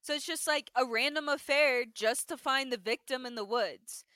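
Bright, high-pitched young woman storyteller. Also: moderate pace, smooth, no echo. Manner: animated storyteller, heavy use of "like". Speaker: podcast co-host. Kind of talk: casual chat recapping a TV episode.

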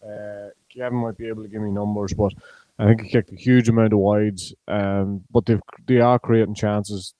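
An Irish man talking as a pundit, a former player, in a measured, hesitant way with many ums. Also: on the low side, little pitch movement, mellow, no room sound, poor audio. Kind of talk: casual sports chat.

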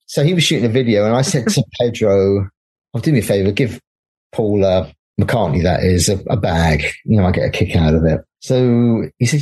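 A middle-aged man speaks as a guest in a relaxed interview, his voice a little husky and sitting low. He tells long stories, slipping into the voices of the people in them, and laughs easily as he goes. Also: moderate pace. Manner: chatty storyteller who acts out quoted voices and laughs often. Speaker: graphic designer and film producer, guest. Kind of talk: casual anecdote-telling interview.

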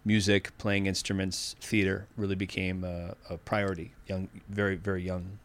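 Man in his fifties, low-pitched, earnest and reflective, from Massachusetts, interview guest. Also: level tone, moderate pace. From Massachusetts, USA. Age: 50s. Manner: earnest, thoughtful, self-interrupting.

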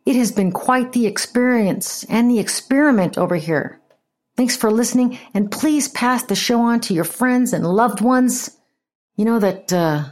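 A woman hosting a podcast, giving casual, sarcastic political commentary with frequent swearing. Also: mid-range voice. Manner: sarcastic, profane, animated. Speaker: podcast host.

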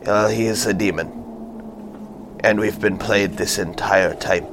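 A man's voice: lowish voice, steady tone, measured pace, background noise. A man player speaking earnestly in character in a tabletop game. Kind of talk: tabletop role-play.

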